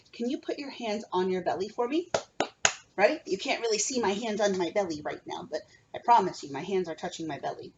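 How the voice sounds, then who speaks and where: A woman's voice: medium pitch, lively intonation, fairly quick, muffled recording, slight background noise. A young woman teaching a remote kindergarten music lesson from home, coaxing small children with a sing-song manner.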